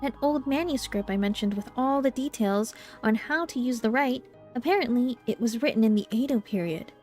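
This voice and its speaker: A woman's voice: on the high side, normal speed, a little mellow, soft background music. A woman streamer reading game dialogue aloud and reacting, easily frightened and jumpy. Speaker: streamer playing a horror visual novel.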